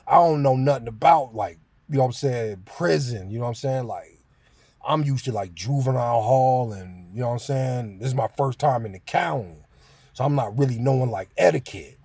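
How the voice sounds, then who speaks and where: A man's voice: mid-range voice, vocal fry, warm tone, slightly rough, no room sound. A man telling a story in a casual, slangy monologue, full of filler phrases and laughter. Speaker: vlogger.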